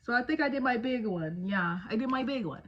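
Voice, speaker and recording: In her 20s and from Texas, this beauty vlogger talks casually and jokes around at home while applying makeup, her speech slangy and dotted with trailing fillers. She sounds animated and a little fast, her pitch fairly high, on a lo-fi recording.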